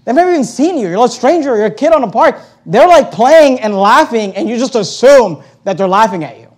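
A middle-aged male pastor delivers a sermon in a notably high voice. He tells his story with animated energy, rising loud and then dropping to a hush. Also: brisk. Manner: animated storytelling, acting out quoted voices, swings between loud and hushed.

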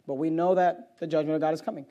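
A man preaching an evening sermon, reading old-fashioned scripture aloud, swinging between quiet, low stretches and loud, fervent exhortation, and often repeating words as he thinks aloud. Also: steady tone, fast talker, highs cut off.

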